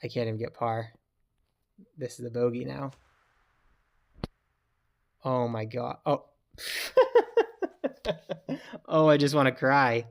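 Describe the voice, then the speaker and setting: Brief: male gaming creator, talky play-by-play, mid pitch, loud groans at misses. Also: steady tone, measured pace, creaky, pauses often. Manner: chatty, reacts loudly to bad throws. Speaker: gaming YouTuber. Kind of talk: casual gameplay commentary.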